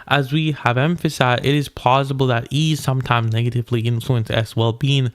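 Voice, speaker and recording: Young man, mid-range voice, smooth and clean, dry close sound, casual late-night read-aloud with chatty asides. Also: mid-range voice, steady tone, fairly quick, no echo. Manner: rambling, restarts often, slangy asides. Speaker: solo reader commenting on a philosophy paper.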